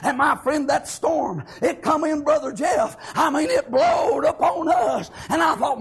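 A middle-aged man, preaching in a loud, chanting cadence that climbs high. His voice sits unusually high and has a gravelly edge. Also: very animated, a little slow, few pauses. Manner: chanted, shouted preaching cadence with rising pitch. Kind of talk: preaching sermon with personal testimony.

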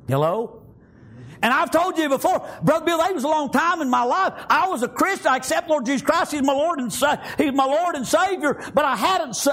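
Preacher guy, real high voice with lots of gravel, hollers praise god every other line. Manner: fervent preaching, often breaking into shouts, peppered with "praise God" and "amen". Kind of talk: sermon.

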